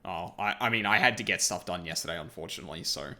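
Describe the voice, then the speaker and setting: A man's voice: low-pitched, quick pace, bright, forceful tone. A man streaming a game and commenting casually, blunt and exasperated, with frequent swearing.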